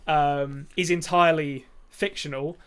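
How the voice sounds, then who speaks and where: This film podcast co-host has a fairly high, smooth voice and talks in a relaxed, casual manner. He leans on ums between ideas and occasionally races through a point in a quick burst.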